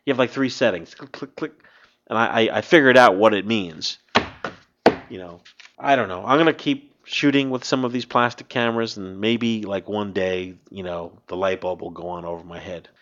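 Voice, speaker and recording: A man's voice: on the low side, normal speed, fairly bright tone, slight background noise. A man hosting a podcast in casual chat, rambling and restarting his sentences, laughing often. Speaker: podcast host. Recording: slightly dull lo-fi sound.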